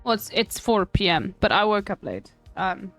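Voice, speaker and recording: A South African woman streamer reading an article aloud in casual chat, breaking off with wry, swearing asides and halting restarts. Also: mid-range voice, very animated, fairly bright tone, soft background music.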